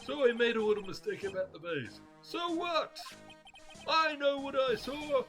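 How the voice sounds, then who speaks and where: A man voicing a cranky, paranoid old male craftsman who rants and shouts. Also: a little slow, faint music behind. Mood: indignant. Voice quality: shrill, ranting. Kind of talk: game dialogue read aloud.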